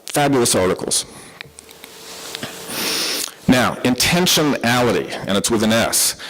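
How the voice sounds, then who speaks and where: A man's voice: medium pitch, lively intonation, measured pace, a bit bright, a little hiss or hum, low-quality recording. Southern American man giving a talk. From southern United States. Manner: conversational, with frequent fillers and restarts. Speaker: conference speaker. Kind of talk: live conference lecture.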